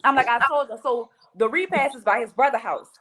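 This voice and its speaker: A woman's voice: on the high side, fairly quick, a bit bright. A woman with a New Orleans accent, a podcast guest telling stories in casual chat, blunt and full of cursing. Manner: blunt, profane storytelling.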